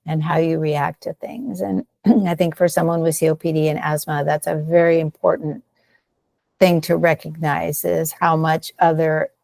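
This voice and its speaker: Woman, respiratory therapist, podcast co-host, lowish voice, gravelly, dry, upbeat coaching. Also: flat delivery, moderate pace, a little mellow, no room sound. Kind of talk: casual health podcast chat.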